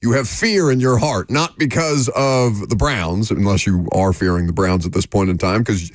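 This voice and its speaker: A man's voice: lowish voice, moderate pace, dry recording. Dry-teasing male sports radio host. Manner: dry teasing, deadpan ribbing. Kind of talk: casual sports radio banter. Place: radio studio.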